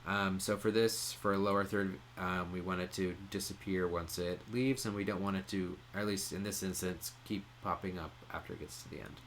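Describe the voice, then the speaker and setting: A man presenting a casual software tutorial, explaining each step in a relaxed way with frequent "um" pauses. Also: deep voice, a little hiss or hum. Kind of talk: casual screen-share tutorial.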